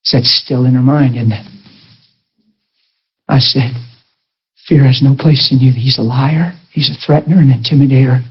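A man's voice: medium pitch, steady tone, moderate pace, pauses often, breathy edge. A man preaching a sermon testimony, telling a story and acting out the dialogue, with emphatic rising peaks. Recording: dull lo-fi sound.

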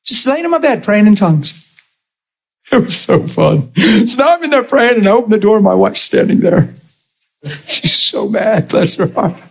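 Passionate preacher man, husky voice. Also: expressive, moderate pace, dull audio. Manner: passionate storytelling, voice swinging between high and low. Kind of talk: sermon.

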